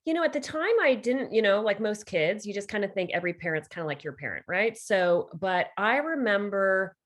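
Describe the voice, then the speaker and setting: A middle-aged woman with a Canadian accent, a podcast guest telling stories with lively quoted voices. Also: medium pitch, a little fast. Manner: animated storytelling with quoted voices. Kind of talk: podcast interview.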